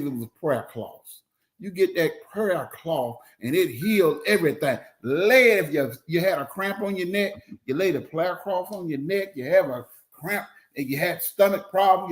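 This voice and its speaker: A man co-hosting a comedic casual chat, telling stories in a laid-back, amused way. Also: sits high.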